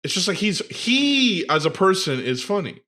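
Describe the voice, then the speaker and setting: A man's voice: sits high, very animated, normal speed, sharp tone. A man co-hosting a podcast in casual chat, blunt and profane with wry asides. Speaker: podcast co-host.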